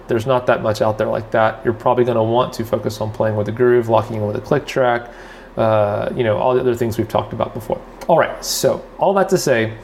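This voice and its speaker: A man's voice: lowish voice, slight background noise. A man hosting a drum podcast, giving a loose, rambling spoken lesson full of fillers and restarts. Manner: rambling, filler-heavy, loses and finds his thread. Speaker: drummer and podcast host.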